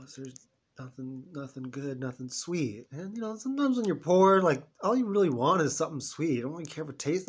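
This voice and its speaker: A man's voice: on the high side, breathy edge. A man in his fifties telling an emotional personal story in a rambling, heartfelt vlog. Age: 50s. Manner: emotional, rambling, talks to himself in quoted voices. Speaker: vlogger.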